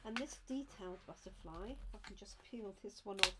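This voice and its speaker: A woman's voice: medium pitch, fairly quick, heavy background noise. A woman demonstrating craft supplies, chatting and explaining each step as she handles items at her craft desk. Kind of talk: live craft unboxing demo.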